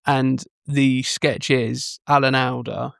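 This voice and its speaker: A man's voice: medium pitch, level tone, takes it slowly, vocal fry, no echo, studio quality. A man co-hosting a podcast, chatting enthusiastically about a film and quoting its lines. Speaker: podcast co-host. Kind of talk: casual film chat.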